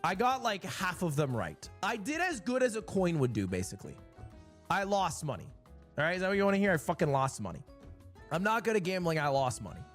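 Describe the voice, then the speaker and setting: A young man streamer telling a long, exasperated story in a casual, swearing, animated way. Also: high voice, a little fast, soft background music.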